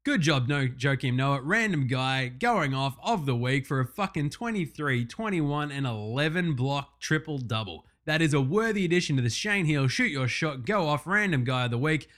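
Swearing excitable Australian man. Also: a little high, normal speed, hardly any pauses. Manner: profane, excitable, loose. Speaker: podcast host. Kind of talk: casual sports chat.

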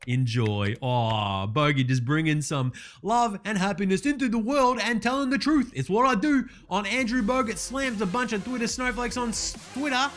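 A man's voice: sits high, normal speed, hardly any pauses, fairly bright tone. A man doing an Australian accent and playing a brash, foul-mouthed sports bloke in a sarcastic comedy parody monologue. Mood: ranting. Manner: swears constantly, sarcastic, says mate a lot.

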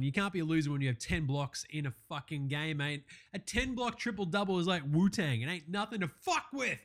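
A young Australian man hosting a basketball recap show, chatting casually with lots of swearing and jokes. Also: on the high side. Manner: profane, joking, excitable banter. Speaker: basketball podcast host.

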